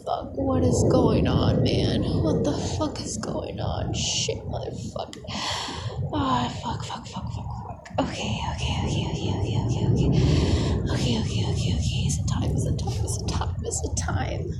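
Breathy, whispering woman, slow and gravelly. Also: high voice. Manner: breathy, profane, excited whispering. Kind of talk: whispered role-play.

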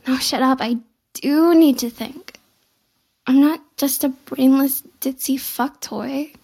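Giggly, teasing young woman, high fry. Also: slow, warm tone. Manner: playfully bratty and coy. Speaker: audio role-play performer. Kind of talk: intimate audio role-play.

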